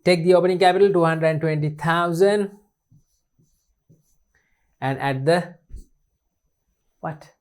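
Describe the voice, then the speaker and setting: A man's voice: fairly high pitch, fairly even intonation, unhurried, long pauses. Repetitive Sri male teacher. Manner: repetitive, asks and answers his own questions. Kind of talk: recorded exam-paper lesson.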